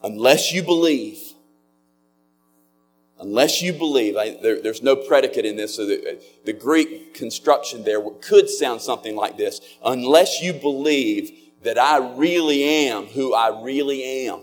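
A man preaching a sermon as a pastor, earnest and slowing down on key words. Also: medium pitch, soft background music.

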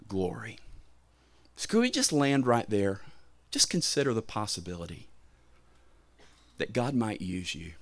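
A man preaching a sermon in a fairly low voice, pressing his points home with emphatic repetition. His volume rises and falls sharply as he builds. The sound is close and dry. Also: no room sound. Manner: impassioned preaching, emphatic repetitions, sudden swells in loudness. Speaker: pastor.

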